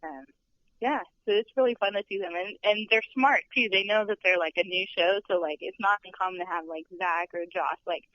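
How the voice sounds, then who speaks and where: A woman's voice: mid-range voice, pushed and bright. A young woman working as a studio tour guide, chatting in a podcast interview in a bubbly way and laughing often. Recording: dull lo-fi podcast audio.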